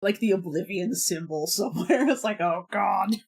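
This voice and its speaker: A woman talks to her stream in a relaxed, rambling way, her voice sitting at a middle pitch. She fills gaps with "like" and "um" and breaks into laughter often. It sounds like an unscripted live chat. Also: moderate pace, breathy edge.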